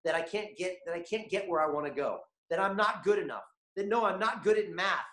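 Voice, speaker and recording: A man hosting a motivational online masterclass, energetic and constantly asking his viewers questions. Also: sits high, fairly quick, echoey room. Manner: animated, keeps asking the chat audience questions. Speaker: webinar host.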